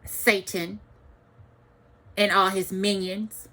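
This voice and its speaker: A woman's voice: mid-range voice, level tone, slow pace, sharp tone. A woman giving an angry, profane ranting monologue to the camera, repeating phrases for emphasis.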